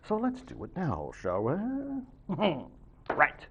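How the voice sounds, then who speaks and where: A man's voice: mid-range voice, wildly swooping pitch, slow, a bit bright, muffled recording, a little hiss or hum. A man speaking as a college professor in a recorded lecture, chatty and full of joking asides.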